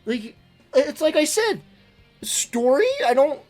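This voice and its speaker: Animated, gushing game streamer. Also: high voice, slow pace, soft background music. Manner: gushing, excitable, stumbles and repeats words. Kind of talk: casual livestream talk ranking games.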